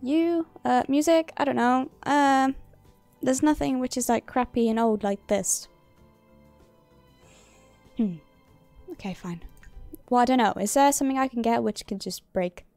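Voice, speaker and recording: She speaks unhurriedly in a high-pitched, darkish voice, pausing often as she comments casually on her game. Chatty and self-muttering, she drops some mild swearing. Faint music sits behind the dry audio.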